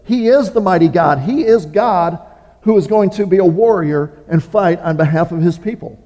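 A man preaching from the pulpit in an earnest, measured way, pausing often and restarting small phrases. His voice sits fairly high yet sounds warm and mellow. A long reverb from the large hall trails each line. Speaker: pastor. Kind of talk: sermon with scripture reading. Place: church sanctuary.

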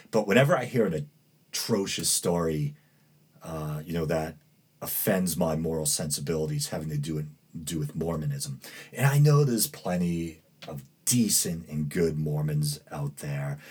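Male podcast host, New England accent, deep and extremely clear voice, rambling, hesitant delivery. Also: darkish tone. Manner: rambling, hesitant, with many fillers and self-corrections. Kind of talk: casual commentary, reading news aloud.

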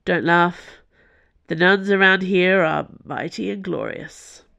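A woman's voice: on the low side, slow pace, creaky, a bit bright, dull audio, full character voice. A woman voicing an injured young man who stays wry though faint and dazed. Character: injured young man, weak but joking.

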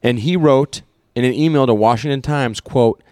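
A man's voice: medium pitch, lively intonation, moderate pace, hardly any pauses, darkish tone, dry recording, clean studio sound. A man from Iowa co-hosting a podcast, chatting casually about politics, rambling with fillers and restarts. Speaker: podcast co-host.

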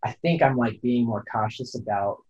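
A man's voice: medium pitch, moderate pace, very noisy. A man from California answers podcast questions in a casual, rambling way. He keeps restarting his sentences and leans on fillers. His voice sits in a middle register on a slightly dull, lo-fi recording. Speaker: podcast guest, photographer and climber. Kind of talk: casual interview chat. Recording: dull lo-fi sound.

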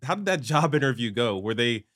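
A man's voice: medium pitch, expressive, a little fast, a bit bright, dry recording, clean studio sound. A man hosting an interview show, asking friendly questions and laughing along with his guest. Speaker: podcast host.

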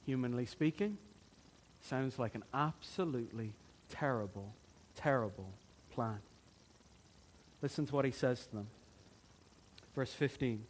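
A man preaching a sermon as pastor, earnest, swinging from soft, quiet passages to fervent, emphatic build-ups. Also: mid-range voice, animated, measured pace, pauses often.

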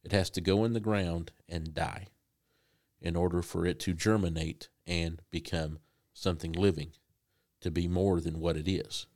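A man preaching a sermon in a conversational, halting way with frequent restarts. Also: sits low, fairly even intonation, a little mellow.

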